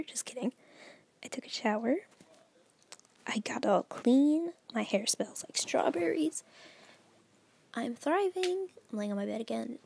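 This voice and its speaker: Rambling teenage girl with a husky voice. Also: on the high side, lively intonation, unhurried, long pauses, a little mellow. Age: teens. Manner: rambling, lots of "like" fillers, giggly. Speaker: podcast host. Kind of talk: casual solo podcast chat. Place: at home, lying on her bed.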